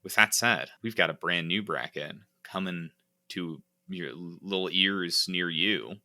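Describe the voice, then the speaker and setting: A male podcast co-host with a low voice and a very bright, forceful tone. He speaks in a measured way, steering the casual banter toward the show's outro. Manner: deliberate, wraps up the show with the outro. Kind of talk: casual chat.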